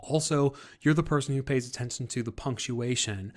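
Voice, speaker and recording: A man teaching a class and explaining a group project to his students, talking in a relaxed, conversational way. His voice sits at an ordinary middle pitch for a man, and he often restarts his sentences and fills pauses with small hesitations. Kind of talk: classroom instruction video. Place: recorded for an online class.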